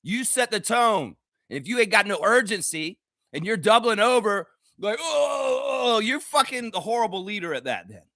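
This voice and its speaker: A man's voice: high voice, big pitch swings, normal speed, pushed and bright, dry recording, studio quality. A man hosting a live basketball reaction show, ranting heatedly and profanely at the players. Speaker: sports reaction host.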